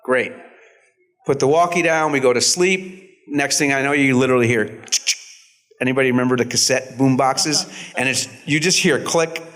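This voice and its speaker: A man in his fifties, an actor on a convention panel, telling stories in an animated, self-deprecating way. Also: mid-range voice, moderate pace, long pauses. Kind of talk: storytelling panel talk.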